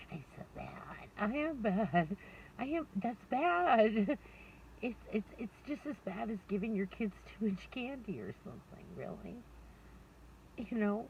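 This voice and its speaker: A middle-aged woman rambling candidly to camera, laughing often and mocking herself. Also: medium pitch. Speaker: vlogger. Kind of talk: candid personal monologue. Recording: distant, dull lo-fi mic with faint noise.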